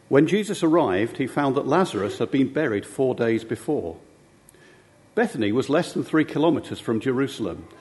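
A man reading a scripture passage aloud in church, steady and careful. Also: mid-range voice. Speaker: scripture reader.

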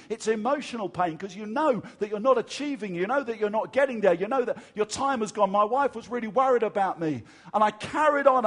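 Male English preacher, high voice, animated storyteller in a sermon.

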